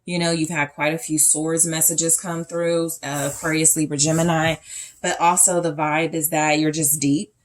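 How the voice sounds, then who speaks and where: Low-voiced woman giving a tarot reading. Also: level tone, normal speed. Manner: casual, thinking aloud with fillers and restarts. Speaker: tarot reader. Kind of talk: pick-a-card tarot reading.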